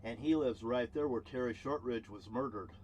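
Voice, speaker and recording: Man, ranting vlogger, heated and profane, loud bursts then muttering, average pitch, faint noise behind. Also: moderate pace. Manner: heated, swearing constantly, swinging between loud outbursts and low muttering. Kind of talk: angry profane rant to camera. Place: outdoors near a cruise ship terminal.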